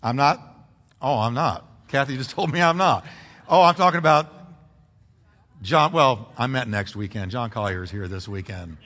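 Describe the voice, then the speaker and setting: A man preaching a sermon as pastor, animated, drawing call-and-response from the congregation. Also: medium pitch, normal speed. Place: church sanctuary. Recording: reverberant church hall.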